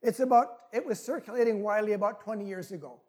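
A man preaching a sermon in an earnest, deliberate way. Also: high-pitched, darkish tone.

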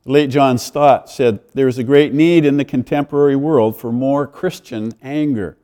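A man's voice: medium pitch, fairly even intonation, normal speed, dark tone, clear, resonant tone. A male pastor giving a conversational sermon, with friendly asides and the odd chuckle.

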